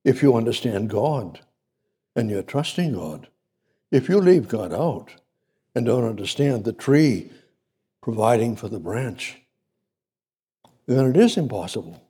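Male preacher, mellow husky voice, repeats words to build emphasis, sermon recorded in a hall with long reverb. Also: medium pitch, very animated, measured pace, long pauses. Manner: repetitive, building emphasis, reads scripture aloud.

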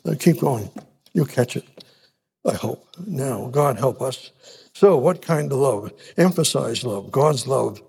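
A man preaching a sermon in an emphatic, repetitive way, with frequent restarts and halting pauses. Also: mid-range voice, expressive, creaky, darkish tone, breathy edge.

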